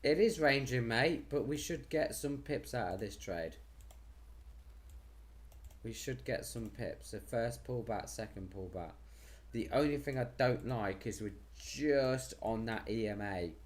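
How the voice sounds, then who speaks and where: A man's voice: medium pitch, unhurried. A man hosting a casual live stream, chatty and cheerful, losing his voice. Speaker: host.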